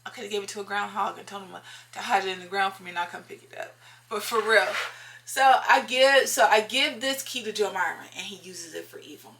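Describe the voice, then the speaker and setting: A woman's voice: medium pitch, fairly quick, a bit bright, slight background noise. A woman telling a personal story in a casual, emphatic way, often repeating lines for effect and talking straight to her viewers.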